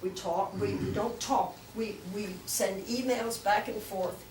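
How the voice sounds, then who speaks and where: An older woman giving a lively storytelling talk to a club, acting out the voices she quotes. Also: mid-range voice, unhurried, slight background noise. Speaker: guest speaker. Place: club meeting room. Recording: echoey room, mic from far off.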